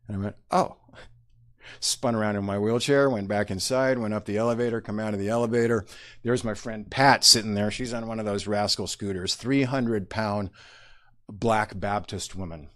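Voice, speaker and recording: A middle-aged man telling a personal story to an audience, halting and reflective, with many pauses and fillers. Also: fairly low pitch, fairly even intonation.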